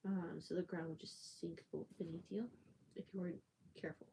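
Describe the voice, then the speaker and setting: A woman's voice: fairly low pitch, little pitch movement, a little fast, vocal fry, slight background noise, low-quality recording. A woman on a livestream telling a story in casual, rambling talk, full of fillers and self-corrections, sometimes dropping to a near-whisper. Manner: soft-spoken, drifts into near-whispers. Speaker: livestream host.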